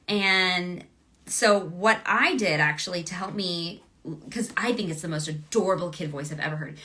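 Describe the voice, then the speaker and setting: A woman's voice: lowish voice, normal speed, pushed and bright. A woman voice actress chatting casually with fans during a livestream autograph session, bubbly and gushing, and laughing often.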